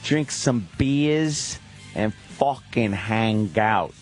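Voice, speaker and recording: A man's voice: lowish voice, extremely slow, faint music behind. A man co-hosting a radio show with wisecracking, profane banter. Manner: wisecracking, swearing. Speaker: radio co-host. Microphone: studio microphone.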